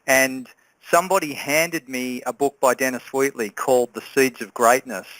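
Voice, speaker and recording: An Australian man speaks as a guest on a call, telling his story in an earnest, reflective way. His voice sits at a middling pitch, and the sound is dry with no room echo. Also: steady tone, moderate pace, a bit bright.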